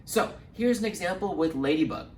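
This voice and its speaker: A man leading a children's storytime lesson as a librarian, encouraging and animated, talking slowly and clearly for little ones. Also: high voice. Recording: roomy, distant mic, faint hum.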